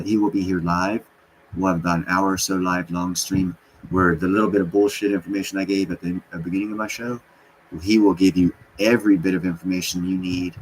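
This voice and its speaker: Low-voiced guy hosting a stream from his basement, lots of uhs, faint noise behind. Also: rough recording. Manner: rambling, full of fillers. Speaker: livestream host. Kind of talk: casual livestream talk. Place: unfinished basement.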